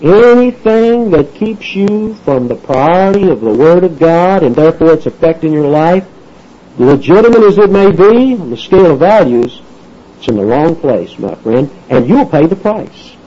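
A man preaching a sermon in a folksy, animated way, acting out the voices of the people he quotes. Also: on the high side, moderate pace, highs cut off.

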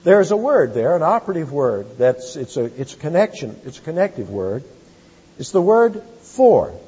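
A man preaching from a church pulpit, his slightly husky voice sitting fairly high and swinging widely in pitch. He slows down to hammer home single words and climbs to loud repeated phrases. The recording is dull and lo-fi, with a long reverb trailing each phrase. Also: sing-song. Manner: emphatic, slows to stress key words, rising to loud repetitions. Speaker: pastor. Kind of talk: expository sermon. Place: church sanctuary.

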